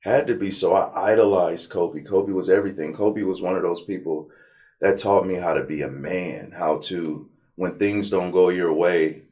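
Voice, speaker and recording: A man from Compton, telling his life story in a relaxed, slangy interview. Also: deep voice, normal speed. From Compton, California. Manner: animated storyteller, slangy, acts out his past self. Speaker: interview guest.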